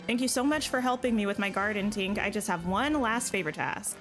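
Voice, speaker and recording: A woman's voice: medium pitch, expressive, a little fast, fairly bright tone, soft background music, close to an everyday voice. A woman reading Pocahontas's game lines aloud, playing an earnest young chief's daughter in a plain voice.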